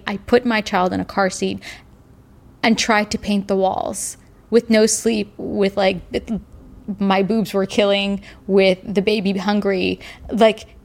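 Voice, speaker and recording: A woman candidly recounting hard personal experiences, emotional and halting at times. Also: medium pitch, creaky. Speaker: interviewee. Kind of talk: personal testimony.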